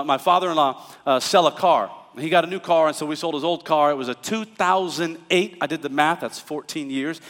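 A middle-aged male pastor preaching a sermon in a church, telling stories and building up to shouted praise. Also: a little high. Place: church auditorium. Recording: reverberant church hall.

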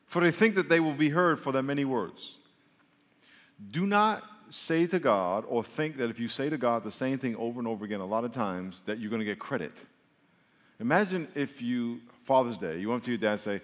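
Heard through long hall reverb, this pastor delivers a sermon, reading scripture aloud and unpacking it in a funny, conversational manner. He has a medium-pitched, expressive voice and talks fairly quickly.

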